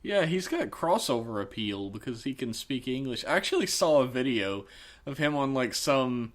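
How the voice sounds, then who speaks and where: A man's voice: medium pitch, big pitch swings, normal speed. A Texan man co-hosting a podcast, teasing and sarcastic in casual, sweary banter. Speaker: podcast co-host.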